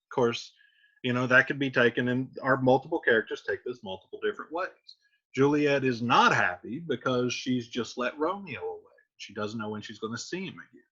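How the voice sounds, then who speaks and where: A man's voice: mid-range voice, lively intonation, brisk, pushed and bright, husky, muffled recording. A man teaching, explaining a play in a casual, conversational way with frequent fillers.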